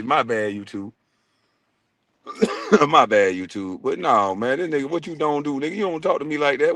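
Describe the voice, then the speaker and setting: A man's voice: mid-range voice, a bit bright, no room sound. A man hosting his own livestream, ranting in a profane, mocking way and laughing often. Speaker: livestream host.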